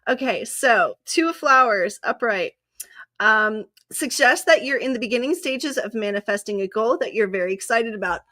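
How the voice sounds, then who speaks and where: A woman's voice: fairly high pitch, lively intonation, moderate pace, pushed and bright. A woman from Southern California giving a casual, chatty tarot reading, often breaking into laughter. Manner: giggly, chatty, frequent laughter. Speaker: psychic reader.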